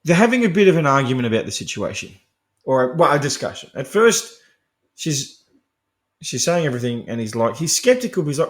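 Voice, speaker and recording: A man's voice: mid-range voice, sing-song, brisk. A man hosting a podcast, casually recapping a film in a profane, laughing, rambling monologue. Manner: chatty and profane, laughing often; digressive, full of fillers and restarts. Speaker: podcast host.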